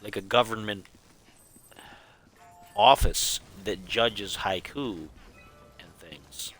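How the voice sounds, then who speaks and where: Goofy rambling man, bright voice. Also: on the low side, lively intonation, takes it slowly, gravelly, soft background music. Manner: goofy, rambling, chuckling at his own jokes. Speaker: streamer. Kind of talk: casual live gameplay chat.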